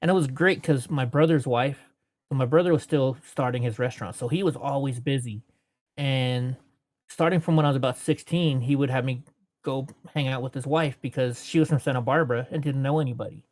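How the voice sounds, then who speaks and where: This fortysomething interview guest rambles through long, casual stories, self-correcting along the way, laughing between anecdotes and doing voices for the people he quotes. He speaks fairly quickly in a mid-range, darkish voice. The recording has no echo.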